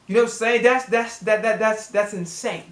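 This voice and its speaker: A man's voice: sits high, steady tone, normal speed, roomy sound, soft background music. A man hosting a sports reaction channel, ranting as a fan with heavy cursing and words repeated when he gets worked up. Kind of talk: profane fan rant.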